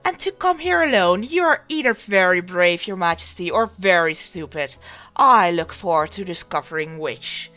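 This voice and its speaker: A woman's voice: fairly low pitch, moderate pace, a bit bright, faint music behind. A woman voicing a bold pirate queen with hearty, mock-courtly pirate talk, reading a game's dialogue aloud. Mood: swaggering.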